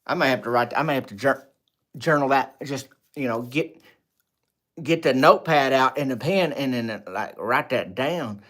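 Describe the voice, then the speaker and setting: A man hosting a casual livestream, rambling and joking with viewers, swinging between loud greetings and low asides. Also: lively intonation, moderate pace. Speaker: livestream host. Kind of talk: casual live chat with viewers.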